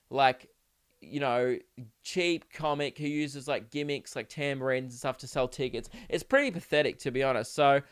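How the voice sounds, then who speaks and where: A man's voice: on the high side, fairly bright tone, smooth. An Australian man hosting a solo comedy podcast, ranting sarcastically and swearing in mock outrage.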